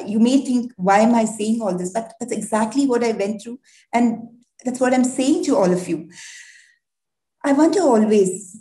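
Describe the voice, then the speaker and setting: A woman's voice: fairly high pitch, mellow. A woman sharing a personal testimony in an earnest, heartfelt, reflective way. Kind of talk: personal testimony at a prayer meeting. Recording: roomy echo.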